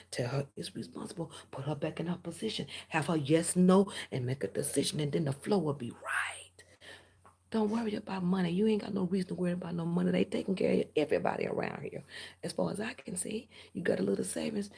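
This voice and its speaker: Woman tarot reader, raspy breathy voice, low-pitched, blunt and preachy, half-whispering. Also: warm tone. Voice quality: very husky, gravelly. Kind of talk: direct-to-camera tarot reading.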